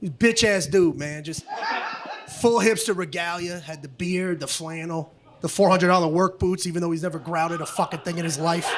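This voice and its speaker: A man doing stand-up comedy on a club stage, ranting profanely and shouting punchlines. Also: high-pitched. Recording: live comedy club, noisy audience.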